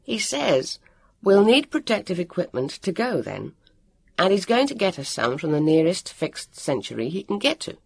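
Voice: medium pitch, big pitch swings, normal speed, vocal fry, slightly rough, no room sound, full character voice. A reader doing an eager bossy boy. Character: eager boy leading a time adventure.

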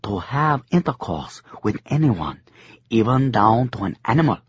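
A leathery, toothless old crone who asks blunt questions with no shame, as a male narrator lightly puts her on. The voice is slightly husky, with a dry, dull audiobook sound. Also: mid-range voice, big pitch swings, measured pace, dry recording, exaggerated voice. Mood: brazen.

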